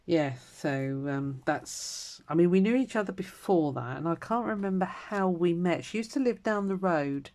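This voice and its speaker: A woman in her fifties chatting casually at home as she stitches, rambling from story to story and trailing into quiet mutters. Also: fairly low pitch, expressive, normal speed, hardly any pauses. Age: 50s. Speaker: crafter vlogger. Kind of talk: casual chat while stitching.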